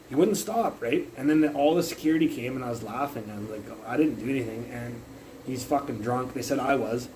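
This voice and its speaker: A man's voice: mid-range voice, a little mellow, a little hiss or hum, low-quality recording. A young man livestreaming from his phone, telling a long rambling story full of curses, fillers and restarts. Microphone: phone mic.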